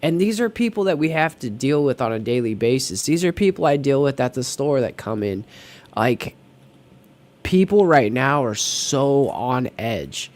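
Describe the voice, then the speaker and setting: A man's voice: medium pitch, very animated, normal speed. A man co-hosting a casual podcast chat, rambling with lots of fillers and restarts. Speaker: podcast co-host.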